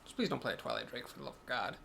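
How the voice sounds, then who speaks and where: A man's voice: medium pitch, expressive, rapid-fire, gravelly, bright, forceful tone. A man talking casually over his card game, thinking aloud, chatty and self-deprecating. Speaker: game video host. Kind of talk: casual gameplay commentary.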